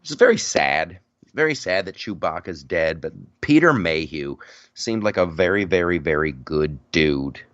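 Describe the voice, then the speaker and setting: A man hosting a podcast in casual chat, telling stories in a rambling, animated way with frequent restarts. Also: low voice, a little slow, dry recording, muffled recording. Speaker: podcast host.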